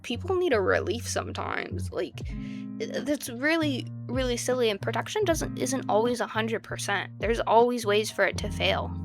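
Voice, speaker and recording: A young woman reacting to posts in casual commentary, rambling and exasperated, sliding from low mutters to loud outbursts. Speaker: video creator reacting to posts. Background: guitar music.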